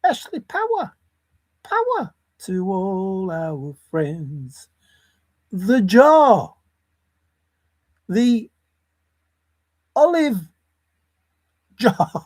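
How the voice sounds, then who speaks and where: A man's voice: high voice, big pitch swings, extremely slow, pauses often, a little mellow. A man vlogging about a treasure hunt, rambling and giggling as he comments, repeating words and muttering to himself. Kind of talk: rambling commentary over video.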